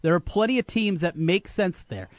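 A man's voice: high voice, normal speed, dry recording. A man hosting sports talk radio, arguing his points emphatically from a studio. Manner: animated, emphatic, opinionated.

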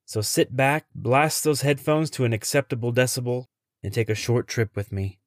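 A man who hosts a podcast, telling a tense first-person story in a measured way. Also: medium pitch, a little hiss or hum.

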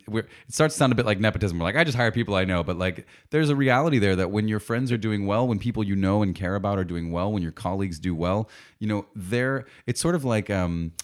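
A man in relaxed conversation, talking things through reflectively with many fillers. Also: fairly low pitch. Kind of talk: casual chat.

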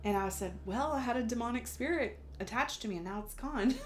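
A woman guest on a podcast, a medium telling stories in a casual, animated way and acting out the voices she quotes. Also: fairly high pitch, a little fast, slight background noise. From United States.

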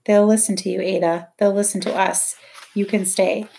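A woman voicing a kind, steady woman who takes care of two children, speaking in an earnest, reassuring way in an audiobook. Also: medium pitch, normal speed, creaky, slight background noise, natural voice.

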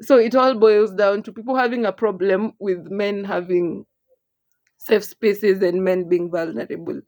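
Animated young Kenyan woman chatting. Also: medium pitch, a little slow. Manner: animated, mixes English and Swahili, laughs often. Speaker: podcast co-host. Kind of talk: casual chat.

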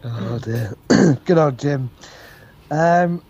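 A man hosting a casual podcast chat, chatty and quick to laugh, restarting his questions as he goes. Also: medium pitch, darkish tone, breathy edge, lo-fi sound. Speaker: host.

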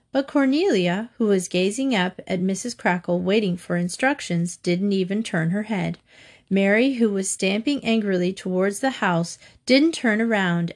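A woman narrates a children's storybook aloud. Her delivery is expressive and lively, with an ordinary, middling pitch. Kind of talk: reading a children's book aloud.

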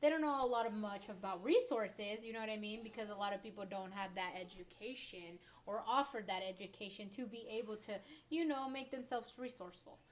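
A woman's voice: mid-range voice, brisk, hardly any pauses, a little hiss or hum. A woman in her twenties ranting to her viewers in a rambling, heated, heavily profane way. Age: 20s. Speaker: vlogger. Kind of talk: ranting opinion vlog.

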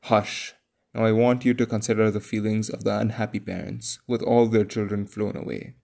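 A man voicing a motherly young girl who tells bedtime stories to a crowd of boys, gentle and earnest. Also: lowish voice, little pitch movement, normal speed, creaky. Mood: tender.

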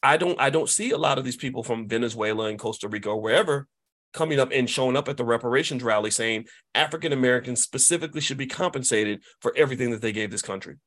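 A middle-aged man hosting a casual commentary monologue, emphatic and repetitive, often asking "right?" and jumping into high voices to mimic people. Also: quick pace, a bit bright. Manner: emphatic, repetitive, tag questions. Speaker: host.

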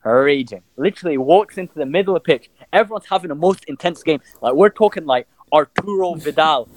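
A young man telling stories on a casual podcast, animated, swearing freely and laughing as he talks. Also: fairly high pitch, a little fast, poor audio. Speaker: podcast co-host. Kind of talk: casual storytelling chat.

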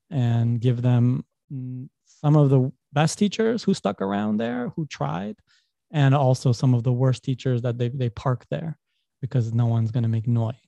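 With a dark tone and vocal fry at medium pitch, a young man from New York guests on a podcast and wanders through personal anecdotes. He laughs while telling them and keeps self-correcting; there's no room sound.

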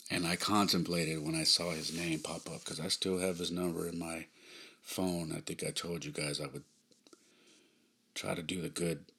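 Man, podcast host, very low gravelly voice, husky, halting with sighs. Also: flat delivery, pushed and bright. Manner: subdued, sighing, halting. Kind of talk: personal storytelling monologue.

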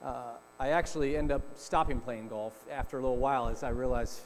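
A man's voice: medium pitch, fairly even intonation, brisk, vocal fry. A middle-aged male pastor telling a personal story in a sermon, chatty and conversational, often checking in with "right?". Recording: reverberant hall with faint mains hum.

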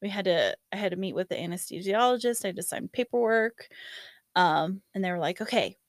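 A woman's voice: medium pitch, expressive, fairly quick, no room sound, studio quality. A young woman telling a long personal story in casual chat, laughing often and acting out what others said. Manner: laughing storyteller, lots of fillers, acts out quotes.

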